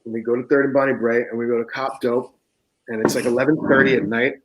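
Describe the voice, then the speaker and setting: Speaking fast with a medium-pitched, fairly flat voice, this male guest author shares a raw personal story on an informal talk show. He laughs, swears a lot, and performs the voices of others in the tale, and the recording is very noisy.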